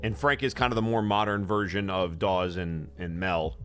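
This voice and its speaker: Animated man chatting in a live Q&A. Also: normal speed, faint music behind. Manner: animated and joking, often jumps in pitch. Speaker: voice actor signing autographs. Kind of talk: casual live Q&A chat.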